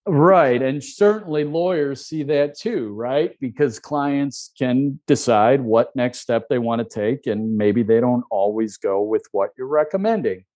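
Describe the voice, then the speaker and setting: Calm, measured man giving advice. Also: mid-range voice. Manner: measured, calm, with frequent restarts. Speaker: media relations advisor, former reporter. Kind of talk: conversational interview answer.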